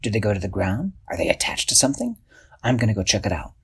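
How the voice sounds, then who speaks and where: An eager little cat ninja with a very husky voice, as a man reads him aloud. He talks in quick, bouncing bursts that swing up and down. It sounds like a storybook read at home. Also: on the low side, very animated, a bit bright, exaggerated voice. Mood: excited.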